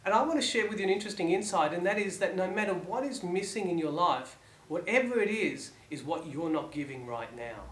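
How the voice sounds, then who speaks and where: A man giving a motivational talk to listeners, asking rhetorical questions and letting his phrases fall soft at the ends. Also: sits high, expressive, a little fast. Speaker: motivational speaker. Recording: echoey room, faint background ambience.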